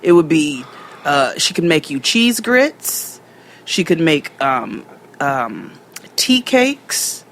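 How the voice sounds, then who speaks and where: A woman co-hosting a podcast in casual chat, loud and animated, swearing freely and quick to laugh. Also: sits low, slight background noise. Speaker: podcast co-host.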